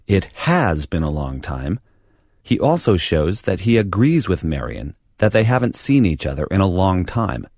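A man reading an English lesson script in a clear, deliberate teaching voice. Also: sits low, darkish tone, no echo, clean studio sound. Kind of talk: scripted language-lesson narration.

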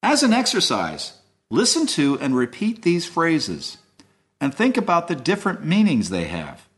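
A man hosting a scripted language lesson, explaining in a measured way. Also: fairly high pitch, wildly swooping pitch. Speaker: host.

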